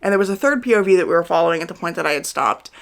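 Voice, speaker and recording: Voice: medium pitch, lively intonation, very fast, vocal fry, a bit bright. A book vlogger around thirty giving a chatty, candid reading wrap-up, with lots of "like" fillers. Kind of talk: casual monthly reading wrap-up.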